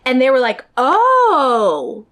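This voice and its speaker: A woman's voice: on the high side, lively intonation, normal speed, a bit bright. A woman telling a personal story in a storytime vlog, speaking directly to her viewers. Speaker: vlogger.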